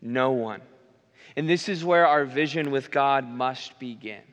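A man's voice: mid-range voice, moderate pace, fairly bright tone, long reverb tail, highs cut off. A man preaching a sermon as a minister, earnest, building repeated lists with wry asides. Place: church sanctuary.

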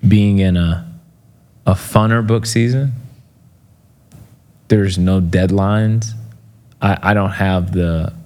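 The man takes his time, speaking slowly in a low voice with long pauses. He's a motivational speaker in an interview, telling casual, filler-laden stories and vividly acting out other people's words.

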